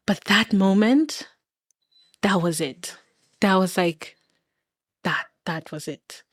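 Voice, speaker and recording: A woman's voice: mid-range voice, dry recording, studio quality. A woman from Kenya in her thirties, a podcast guest telling a personal story with emotion, laughing often. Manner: candid and emotional, laughs often, acts out quoted voices.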